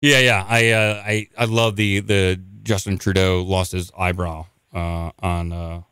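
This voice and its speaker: A man's voice: deep voice, level tone, a little slow, a bit bright, clear, resonant tone, dry recording, studio quality. A man hosting a late-night call-in talk show, chatting casually with callers in a rambling way, with restarts. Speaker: radio call-in show host.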